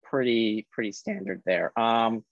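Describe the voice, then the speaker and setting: A man's voice: mid-range voice, no echo. A man co-hosting a laid-back sports chat, reading off league tables with plenty of ums and restarts. His voice sits in a middle register. The recording is dry and a bit dull and lo-fi. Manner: reads standings in a halting way with fillers. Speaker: sports podcast co-host.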